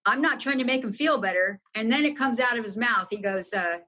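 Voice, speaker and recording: A woman's voice: on the high side, brisk, bright, forceful tone, dull audio. An older woman, a podcast guest, frankly recounting her own story and acting out the dialogue she quotes. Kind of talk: candid storytelling interview.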